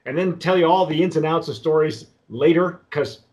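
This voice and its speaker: A man with a fairly high-pitched voice talks his way through a tasting in a loose, unhurried chat. He stops and restarts his phrases again and again and fills the gaps with "um" and "uh". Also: a little mellow. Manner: rambling, halting, with many restarts and fillers. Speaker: tequila review host.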